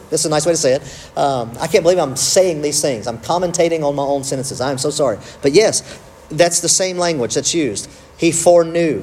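A man teaching a church class, conversational and quick to joke at his own slips. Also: fairly high pitch, darkish tone, a little hiss or hum. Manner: conversational, self-interrupting with humor.

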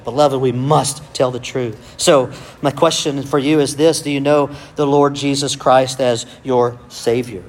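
A man's voice: mid-range voice, steady tone, unhurried. A male pastor, preaching a sermon with emphatic rhetorical questions and calls of amen.

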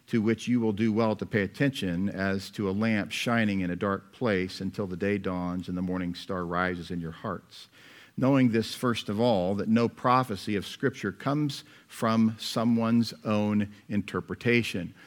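Conversational male pastor preaching. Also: lowish voice. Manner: conversational preaching with rhetorical questions and asides. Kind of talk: expository sermon.

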